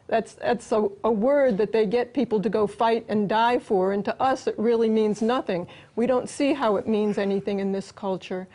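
A woman's voice: on the high side, dark tone. A woman answering as an interview guest, earnest and explanatory.

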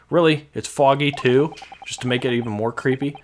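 A man's voice: medium pitch, a little fast, hardly any pauses, slight background noise. A young man casually commenting on a video game he is playing, wry and self-deprecating. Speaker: let's player. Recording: faint game music behind.

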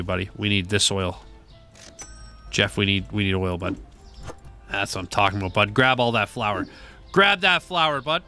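A man's voice: medium pitch, sharp tone. A man giving casual let's-play commentary, chatting to an in-game employee and swearing freely. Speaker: gaming YouTuber.

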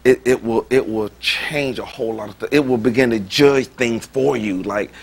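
A man preaching a sermon as pastor, swinging between loud exclamations and quiet asides. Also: medium pitch, moderate pace, few pauses, a little hiss or hum. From United States.

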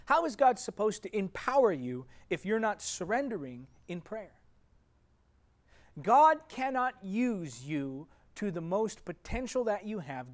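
A man preaching a sermon as a teaching preacher, emphatic and repetitive, swinging between raised declarations and hushed lines. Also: high voice.

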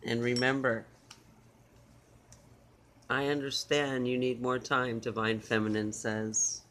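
A man reading channeled love messages in a soft, tender way, with repeated phrases and pauses. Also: mid-range voice, little pitch movement, a little hiss or hum. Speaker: spiritual reader.

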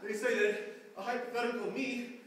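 A man performing a live stage monologue in an art gallery, halting and repeating phrases as he restarts, heard from far off in an echoey room. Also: very high-pitched, steady tone, a bit bright. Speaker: performance artist.

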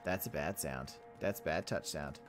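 A young man hosting a let's play, chatting excitably and joking at himself over the game. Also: very deep voice, a little slow, soft background music. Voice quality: chatty, excitable, self-mocking. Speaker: gaming channel host.

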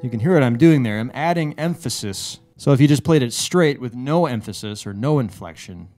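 A male guitar teacher explains a lick one note at a time, in a mid-range voice. He talks in a measured way, often restarting phrases. Faint guitar music plays in the background. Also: mid-range voice, expressive, dark tone. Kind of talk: relaxed instructional explanation. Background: guitar playing.

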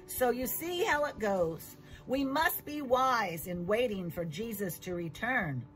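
A woman giving a children's Bible lesson as a church teacher, telling the story with slow emphasis. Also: a little high, expressive, a bit bright, soft background music, poor audio.

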